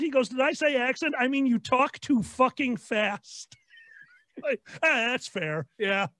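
A high-voiced man with a Chicago accent tells drunken comedy stories at a convention panel. His voice swoops all over the place, and the sound is close and dry. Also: unhurried, no echo. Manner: rambling, excitable, does voices in anecdotes. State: tipsy from drinking.

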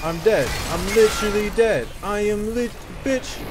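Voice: medium pitch, unhurried, noisy background. A gamer giving let's play commentary on a horror game, frustrated, swearing a lot and talking to themself.

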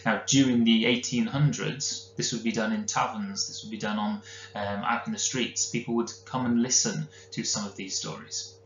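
A man's voice: fairly low pitch, steady tone, moderate pace. A man with a Welsh accent teaching a recorded literature lesson, explaining in a conversational way with the odd filler. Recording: roomy, dull lo-fi recording with faint hum.

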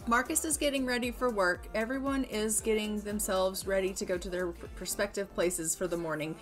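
A woman narrating her life-sim gameplay in casual, chatty style, sarcastic and quick to exclaim. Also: mid-range voice, fairly even intonation, faint music behind. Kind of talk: casual let's-play narration.

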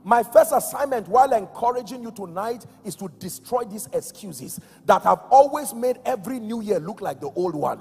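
A Nigerian man preaching a sermon with emphasis, going from shouted calls to quiet, low words and asking the congregation questions. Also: animated, normal speed, gravelly, hardly any pauses, slightly rough. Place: large church hall. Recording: echoey church hall with soft music.

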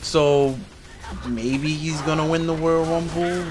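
Male podcast host, exasperated and rambling, a bit high-pitched, noisy home recording. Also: fairly even intonation, slow. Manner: exasperated ranting, frequent restarts. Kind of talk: casual wrestling recap podcast.

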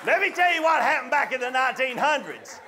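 Guy doing stand-up, high lively voice, acts out his folks, bit of room noise. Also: fast talker, some chatter behind. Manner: animated, acts out family voices. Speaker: stand-up comedian. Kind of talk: stand-up storytelling. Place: live comedy show venue.

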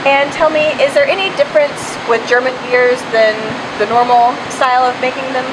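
A woman's voice: high voice, steady tone, fairly quick, noisy background. A woman hosting a beer show, bubbly and upbeat as she introduces a look behind the scenes. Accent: American. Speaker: co-host. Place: brewery.

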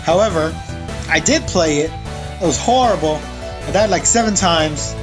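A man's voice: fairly high pitch, normal speed. Young man rambling over game music. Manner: rambling, swears when frustrated. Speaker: gaming channel host. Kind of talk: casual gameplay commentary.

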